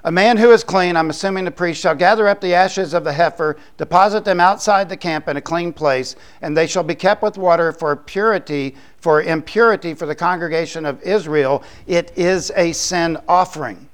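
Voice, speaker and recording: A man preaching as a pastor, explaining scripture in a conversational way with quick asides. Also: on the high side, smooth. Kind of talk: sermon.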